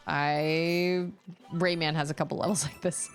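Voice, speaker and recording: A woman streaming a video game, chatting casually and reacting with quick exclamations as she plays. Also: sits low, fairly even intonation, faint music behind. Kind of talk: live-stream gaming commentary.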